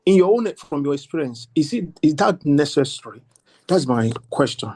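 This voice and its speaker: A man's voice: a little high, animated, darkish tone, breathy edge. A middle-aged man with a Nigerian accent, politely thanking the speaker and asking a long question in an online workshop. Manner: polite, effusive thanks, halting restarts. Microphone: video call.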